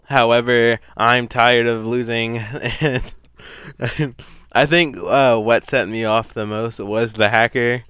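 A man's voice: medium pitch, steady tone, slow, fairly bright tone, smooth, no echo. A young man giving casual, rambling gameplay commentary, self-deprecating and given to sudden frustrated outbursts. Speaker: gaming YouTuber.

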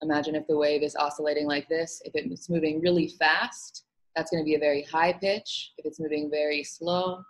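A woman music teacher giving an online lesson, explaining calmly with frequent "um" fillers. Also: deep voice, rough recording. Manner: relaxed explaining with many fillers.

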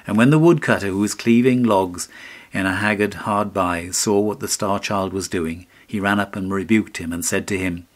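A man narrating a classic fairy tale as an audiobook, in a measured storytelling way. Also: lowish voice.

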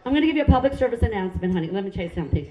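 A woman's voice: medium pitch, animated, rapid-fire, echoey room, highs cut off. A middle-aged woman from Hawaii doing stand-up comedy in a brassy, self-mocking, chatty way on a club stage.

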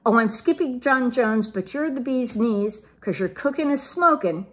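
Woman putting on a boy kitten, storybook figure, high squeaky voice, bouncy and exclaiming, leaps up and down in pitch. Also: big pitch swings, slow pace, warm tone, full character voice. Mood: sincere. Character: excitable boy kitten who thinks he is a chihuahua.

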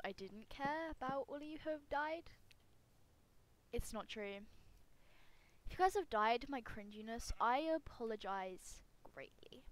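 A young woman with a slightly hoarse voice talking casually over her gameplay at home, rambling and self-mocking, with sudden loud squeals. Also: a little high. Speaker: gaming YouTuber.

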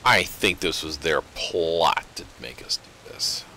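A man's voice: extremely low pitch, expressive, slow pace, gravelly, pushed and bright, slight background noise. A man chatting easily with his partner while they play an online game at home, musing aloud and humming. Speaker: gamer co-playing online game. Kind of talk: casual gameplay chat.

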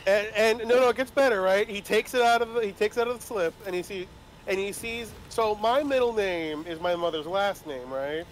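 A young man chats with friends and tells a rambling story, stopping and restarting often. His voice sits high. A faint hiss runs under the recording. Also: normal speed. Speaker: player telling a story. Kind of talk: casual chat among friends.

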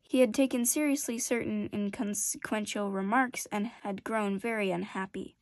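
A woman reading a classic children's novel aloud in a gentle, measured storytelling manner. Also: mid-range voice, steady tone, dry recording. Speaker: storybook reader.

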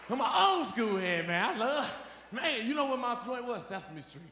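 A man doing stand-up comedy, loud and animated, breaking into song and freestyle rhymes. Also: very high voice, a little fast, background noise. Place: large comedy venue stage. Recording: echoey live hall with music and crowd. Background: audience laughter and music.

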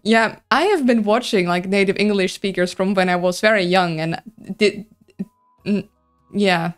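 A woman's voice: mid-range voice, a little slow, clean tone, soft background music. A woman with a Dutch accent, hosting a game stream and chatting casually with friends while narrating events.

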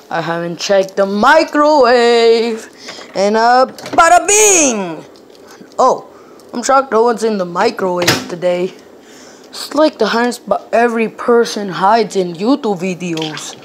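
A woman narrating an improvised hide-and-seek game with toy cars, switching between excited squeals and low mumbled asides. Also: slow, pauses often, slight background noise. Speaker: storyteller voicing toy cars.

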